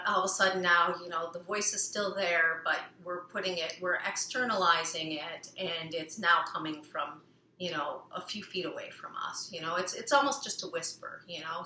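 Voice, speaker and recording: Bright-voiced woman talking in an echoey room. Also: lowish voice, a little hiss or hum. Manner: rambling, many "you know" fillers, sings phrases playfully. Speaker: self-help speaker. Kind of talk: casual personal talk on healing.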